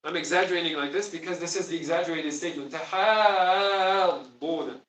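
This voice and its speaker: A man with a fairly high voice teaches a lesson, pressing his points with emphasis and asking the class questions. He is recorded from across an echoey classroom. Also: fairly even intonation, very fast, fairly bright tone. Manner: emphatic, quizzes students. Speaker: Quran teacher. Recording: echoey room, distant mic.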